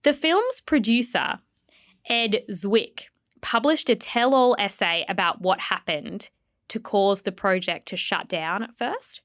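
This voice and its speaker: A woman's voice: mid-range voice, slow pace, fairly bright tone, no room sound, studio quality. A woman hosting a podcast, playfully retelling celebrity gossip in casual chat. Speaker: podcast host.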